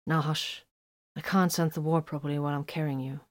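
Calm, quiet male soldier read by a woman, low-pitched, steady delivery for an audiobook. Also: a little fast, close to an everyday voice. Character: calm male warrior carrying his wounded brother.

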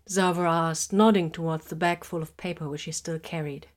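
This is a woman narrating a story in a low voice. Her delivery is quiet and even, with a steady scripted pace. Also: normal speed, few pauses. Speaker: story reader.

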